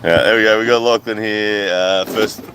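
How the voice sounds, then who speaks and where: A man's voice: fairly low pitch, fairly even intonation, normal speed, fairly bright tone, a little hiss or hum, poor audio. A man hosting a casual livestream, reading out viewer comments as he chats. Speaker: livestream host. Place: outdoors at a hotel poolside.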